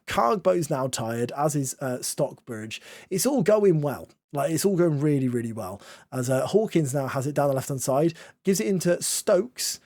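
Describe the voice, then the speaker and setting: Lively, self-mocking man doing game commentary. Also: fairly high pitch, dry recording, studio quality. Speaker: gaming YouTuber.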